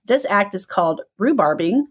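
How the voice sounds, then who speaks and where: A woman from the American Midwest with a Midwestern accent, co-hosting a casual chat, chatty and quick to laugh. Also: mid-range voice, animated, slightly rough. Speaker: podcast co-host.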